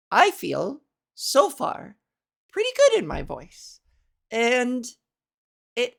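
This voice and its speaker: A woman hosting a casual solo podcast, rambling and self-mocking, laughing at her own jokes while working on a softer voice. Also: mid-range voice. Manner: practicing a softer voice with resonance and inflection. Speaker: podcast host. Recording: fan blowing near the microphone.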